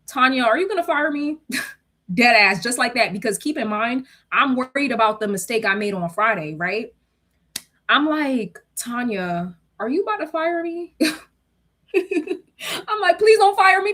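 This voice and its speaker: A young woman telling a work story in casual chat, animated and slangy, laughing often and acting out quotes. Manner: acts out quotes with shrill pleading.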